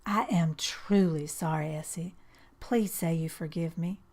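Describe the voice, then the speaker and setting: A woman reading an audiobook voices a teenage boy who talks softly and pleads, often in a whisper. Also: low-pitched, fairly even intonation, measured pace. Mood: soft pleading. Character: teenage boy, smitten and remorseful. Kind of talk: audiobook dialogue.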